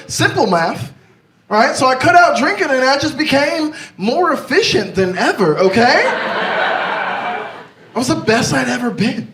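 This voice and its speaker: A young man performing a stand-up set, brash and confessional, talking in an animated way. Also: very high voice, moderate pace. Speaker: stand-up comedian. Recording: roomy echo, mic far off, noisy.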